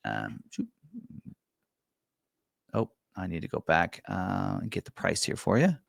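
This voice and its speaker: A man's voice: sits low, takes it slowly, vocal fry, no room sound, clean studio sound. A man from a car dealership casually walking through truck packages and prices, with lots of "um" and "for you". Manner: relaxed, filler-heavy, repeats "for you". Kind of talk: casual product walkthrough.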